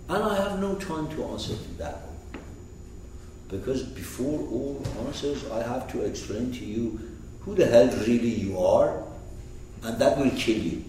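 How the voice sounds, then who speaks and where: Animated man lecturing in an echoey room. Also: lowish voice, moderate pace, a little hiss or hum. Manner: animated, swings from loud to hushed, acts out quotes. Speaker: teacher. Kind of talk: expressive lecture on a poem. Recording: echoey room, far from the mic.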